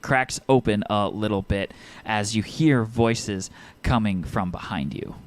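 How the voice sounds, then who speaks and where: A man's voice: fairly low pitch, measured pace. A man running a tabletop game as game master, describing scenes in an easygoing way with filler words.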